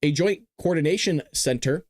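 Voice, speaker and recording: A man's voice: a little high, normal speed, no echo, clean studio sound. A middle-aged man hosting a political talk show, talking casually with sarcastic, jokey asides.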